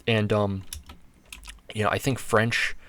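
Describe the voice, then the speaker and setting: A man's voice: fairly low pitch, flat delivery, slow, a bit bright, slight background noise. An American man giving casual, rambling commentary while playing a video game, thinking aloud with many fillers and restarts. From United States. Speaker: gaming channel host.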